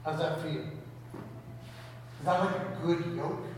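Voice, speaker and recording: A man's voice: a little high, fairly even intonation, slow, slight background noise. A man preaching a sermon to a congregation, talking in a conversational way and asking rhetorical questions. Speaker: pastor. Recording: echoey hall, mic at a distance.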